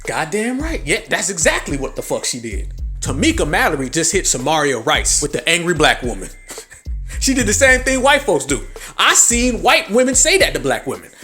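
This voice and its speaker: A man's voice: fairly high pitch, wildly swooping pitch, fairly quick, bright, forceful tone, soft background music. Angry, profane man hosting a podcast. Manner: angry, profane, mocking, with sarcastic mimicry. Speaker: podcast host. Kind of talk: heated political commentary.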